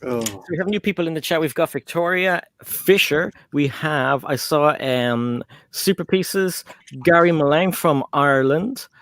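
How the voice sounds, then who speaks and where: A man's voice: a little high, a little slow, fairly bright tone, dry recording. A man on a livestream reading out and greeting the new viewers in chat. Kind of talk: casual chat.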